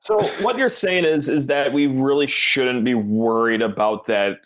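A man co-hosting a sports podcast, teasing the guest with quick reactions. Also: mid-range voice. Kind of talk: casual sports podcast banter.

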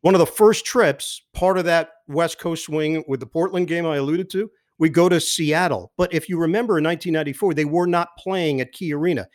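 A man who works as a sports broadcaster, telling lively anecdotes as a podcast guest and mimicking the people in them. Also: on the high side, brisk, hardly any pauses. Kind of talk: animated storytelling in a podcast interview.

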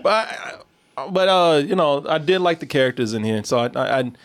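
A man's voice: on the high side, brisk. A man chatting casually and profanely about a movie, telling jokes and laughing as he talks. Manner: animated, profane, laughing storyteller. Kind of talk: casual movie review chat.

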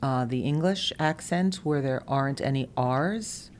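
Low-voiced actress from Brooklyn. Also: female voice, measured pace. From Brooklyn, New York. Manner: animated storyteller who mimics regional speech. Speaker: stage actress. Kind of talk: casual conversation.

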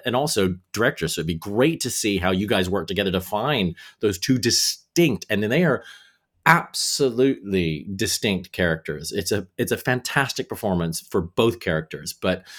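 A man hosting a film podcast asks his guests questions with engaged enthusiasm. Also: fairly low pitch. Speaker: podcast host. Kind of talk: interview questions.

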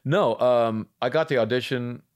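A man's voice: medium pitch, normal speed, a little mellow, clean tone. A man talking as a guest actor on a podcast, laid-back and wry, rambling through stories. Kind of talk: casual interview chat.

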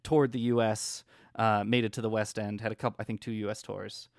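A man's voice: on the low side, little pitch movement, fairly quick, vocal fry, no room sound, studio quality. A man co-hosting a podcast in casual chat, talking freely, laughing often and trailing off mid-thought. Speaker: podcast co-host.

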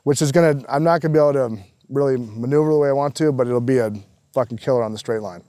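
A man talks fast on a casual podcast, swearing freely and working up his stories with animated energy. His voice sits at an average pitch, recorded dry and close. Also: no echo. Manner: profane, animated storyteller. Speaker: guest, professional golfer.

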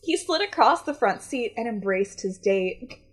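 Fairly high-voiced woman reading with asides. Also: animated, measured pace, husky. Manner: reads aloud and breaks off for wry asides, laughing often. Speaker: podcast co-host reading a story aloud. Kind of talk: casual chat, reading a scary story with jokes.

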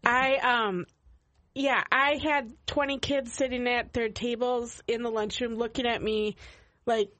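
A woman, a teacher, co-hosting a family podcast who talks in a measured, practical way. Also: on the high side, fairly even intonation, fairly bright tone, no room sound. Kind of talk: casual family podcast chat.

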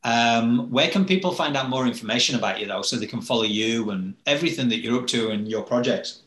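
A man's voice: mid-range voice, fairly quick, a bit bright, echoey room, low-quality recording. A man hosting an interview, casual and friendly, laughing often and calling his guest mate. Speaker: podcast host.

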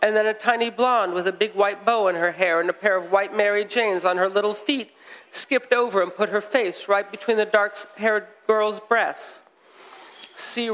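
An American author, a man, reading a passage aloud with measured, wry storytelling, then chatting onstage. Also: sits high, a bit bright. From United States. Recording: long hall reverb.

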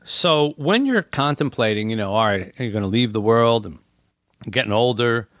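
A man's voice: medium pitch, expressive, moderate pace, fairly bright tone, dry recording, clean studio sound. A man talking earnestly and thoughtfully in an interview, repeating phrases for emphasis. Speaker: guest. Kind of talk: reflective conversation.

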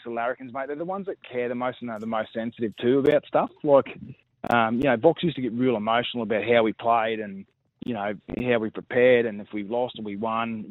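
Australian bloke on a tinny phone line. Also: male voice, mid-range voice, no room sound. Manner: blokey, laughing storyteller, says mate a lot. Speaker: former player guest. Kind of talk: casual radio chat.

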